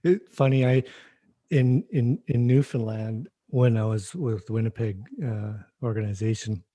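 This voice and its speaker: Mellow-voiced man hosting a podcast. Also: medium pitch, a little slow, no room sound. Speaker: podcast host. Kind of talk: casual podcast chat.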